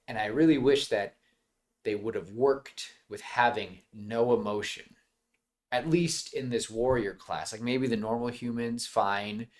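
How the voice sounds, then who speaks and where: A podcast co-host with a medium-pitched voice and measured pace rambles animatedly about a film. He laughs often and restarts his sentences a lot in this casual movie chat.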